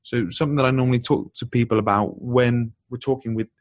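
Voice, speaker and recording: A man as a podcast guest and author, explaining ideas in an animated, teaching tone. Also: medium pitch, fast talker, no echo. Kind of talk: explanatory conversational talk.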